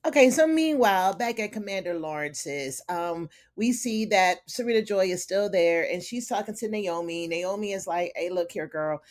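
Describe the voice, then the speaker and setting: A woman hosting a casual TV episode recap, chatty and animated, who often calls her viewers honey. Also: medium pitch, moderate pace, hardly any pauses. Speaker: TV recap host.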